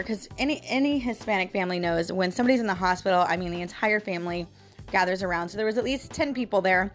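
A woman with a medium-pitched voice talks fast over faint background music as she hosts her own audio blog. In a casual venting monologue, the podcast host addresses her listeners directly, sounding emphatic and frustrated.

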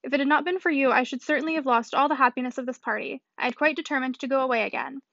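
A gallant young gentleman full of teasing impudence, read by a woman. The voice stays high. The recording is dry and muffled. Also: rapid-fire, no echo. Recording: dull dry audiobook recording.

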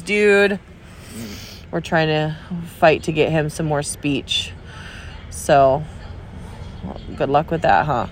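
Tired, stuffy woman rambling slowly. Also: low-pitched, a little hiss or hum. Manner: rambling and encouraging, trails off and restarts. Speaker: friend sending a video message. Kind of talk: casual recorded message to a friend. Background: dog barking.

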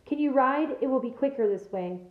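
A woman voicing a calm, grave young male centaur who speaks in measured, solemn warnings. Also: high voice, echoey room, narrow, tinny audio.

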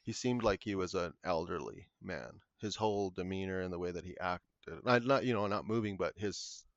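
A man, a podcast guest, telling a paranormal story in an earnest, halting way. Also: low-pitched, no echo. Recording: muffled lo-fi audio.

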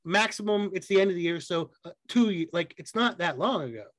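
A man co-hosting a podcast, telling profane, animated stories in casual chat and acting out the people he quotes. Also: sits high, fairly quick, no room sound. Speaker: podcast co-host.

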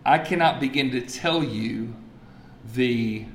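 A man preaching a sermon, telling stories with lively energy and dropping to quiet emphasis. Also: mid-range voice, slow, echoey room, slight background noise. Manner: animated storytelling, swings from loud excitement to quiet emphasis. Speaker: pastor. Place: church sanctuary.

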